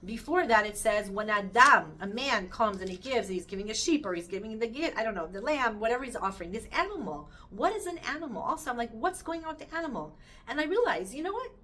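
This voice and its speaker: A middle-aged woman teaching the weekly Torah portion in a bright, fairly high voice. She is earnest and animated, and she mixes Hebrew terms into her English. She often stops to ask her listeners questions. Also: fast, a little hiss or hum. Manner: speaks directly to listeners with questions.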